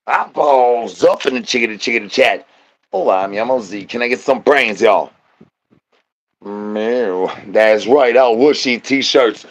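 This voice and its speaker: A man's voice: mid-range voice, muffled recording. A man streaming live, rambling in goofy slang with sing-song nonsense rhymes. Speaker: livestreamer. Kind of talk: rambling livestream chat.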